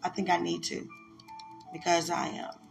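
Gravelly-voiced woman, emotional and repetitive. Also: on the low side, completely flat delivery, moderate pace, music in the background. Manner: emotional, repetitive, laughs often. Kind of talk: heartfelt spoken message, religious.

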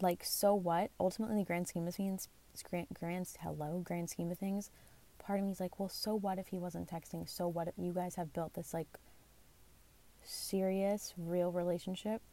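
Young woman vlogger, casual confessional storytelling, candid and rambling, gravelly and mellow tone. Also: on the low side. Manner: candid, rambling, self-deprecating, lots of fillers. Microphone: phone or basic mic.

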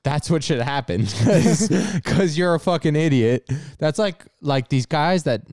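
Lively crude young man, casual podcast chat. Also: on the high side, measured pace, dry recording. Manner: crude, joking, laughs often. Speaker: podcast co-host.

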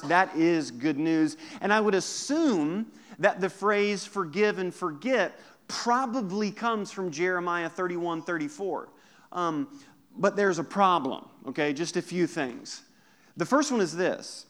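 A man preaching a sermon as pastor to his congregation, lively and joking with the listeners. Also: sits high. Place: church service.

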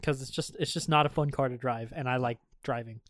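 A man's voice: medium pitch, fairly quick, no echo, studio quality. A man in his twenties chatting casually, swearing freely and telling stories with frequent laughs. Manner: profane, storytelling, laughs often. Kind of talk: casual chat.

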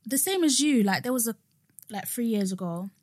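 A young woman in casual podcast chat, relaxed and full of "like" fillers. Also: on the high side, normal speed, no echo. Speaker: podcast co-host or guest.

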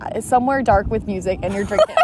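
A woman's voice: mid-range voice, quick pace. A young woman in her twenties, a podcast guest, telling stories in a playful, enthusiastic way outdoors. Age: 20s. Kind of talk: casual podcast chat. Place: outdoors, planes overhead. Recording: outdoor noise with passing planes.

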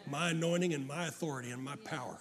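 An older man preaching a fervent sermon to a congregation, often rising to shouts. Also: on the high side, fast, crowd noise. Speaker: pastor.

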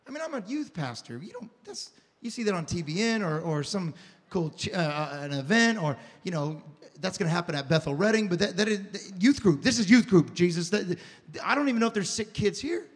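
At a fairly quick clip, a pastor in his thirties delivers a sermon in a high, lively voice that moves between quiet confession and loud shouting. He frequently repeats himself and restarts lines, stumbling as the narrative carries him, and the church hall's lingering reverb follows every phrase.

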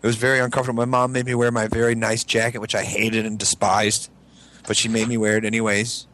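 A man telling funny stories from his childhood in casual podcast chat, animated and profane. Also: on the low side, quick pace. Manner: animated storyteller, swears freely. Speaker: podcast co-host.

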